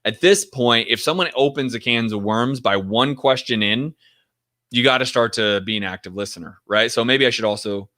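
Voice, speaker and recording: Man, casual sales coach, bright forceful voice, talks straight to the viewer. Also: medium pitch. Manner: direct, conversational, acts out sample phone calls. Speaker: real estate investing coach. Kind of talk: casual teaching talk.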